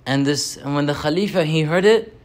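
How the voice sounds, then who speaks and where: A young man giving a Friday sermon as a story, animated and slowing down on key points. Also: fairly high pitch.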